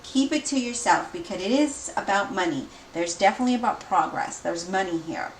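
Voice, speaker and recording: Female tarot reader, lively and repetitive, roomy echo, slightly off-mic, faint room noise. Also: medium pitch, a little fast. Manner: energetic, repeats herself, speeds up with excitement. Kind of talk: tarot reading. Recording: echoey room, mic at a distance.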